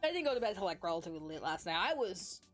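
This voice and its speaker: A woman's voice: on the low side, very animated, rapid-fire, soft background music. A young woman streamer chatting casually, rambling and giggly with lots of fillers, sleepy and yawning. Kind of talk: casual chat.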